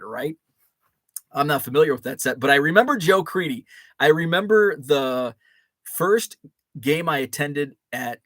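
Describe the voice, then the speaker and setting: A man's voice: mid-range voice, fairly bright tone, no room sound. A man, hosting a casual live chat and reading viewer comments with many fillers and restarts. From Chicago area. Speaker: host.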